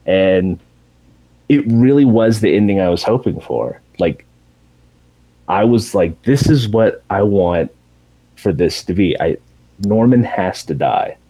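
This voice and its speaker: A man's voice: on the low side, slow, pauses often, breathy edge, low-quality recording. A man in casual chat, animatedly retelling a TV show's ending and swearing freely. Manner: animated storytelling with profanity, acting out characters in raised voices.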